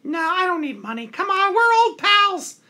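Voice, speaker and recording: A man plays a cheery male toilet paper puppet hosting a live stream call-in show, chatting playfully and cheerfully. His exaggerated voice hits an extremely high, sharp pitch, very animated, at normal speed.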